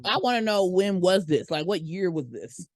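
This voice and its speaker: A woman's voice: lowish voice, lively intonation, moderate pace, darkish tone, dry recording, clean studio sound. Blunt wisecracking woman co-host. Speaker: podcast co-host. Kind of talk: casual podcast chat.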